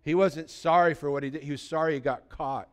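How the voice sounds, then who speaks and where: Pastor guy preaching, high clear voice, chatty, asks the crowd lots of questions. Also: fairly even intonation, fairly quick. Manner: conversational, full of rhetorical questions. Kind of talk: sermon.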